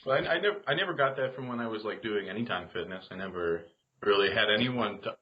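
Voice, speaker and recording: Man, podcast co-host, dry wry quips, low voice, muffled lo-fi sound. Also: animated, fast talker, slight background noise. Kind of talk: casual chat. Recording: dull lo-fi recording.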